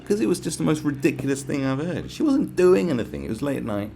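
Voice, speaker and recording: Animated man ranting, gravelly voice. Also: a little high, fast talker, a little hiss or hum. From England. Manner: animated, swearing, acts out quotes in raised voices. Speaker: podcast host. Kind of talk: casual storytelling rant.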